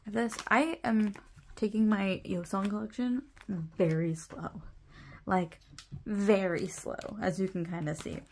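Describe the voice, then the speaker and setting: A woman's voice: medium pitch, steady tone, slow pace, darkish tone, a little hiss or hum. A young woman chatting casually while sorting her photocards, rambling, laughing often and correcting herself. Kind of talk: casual chat.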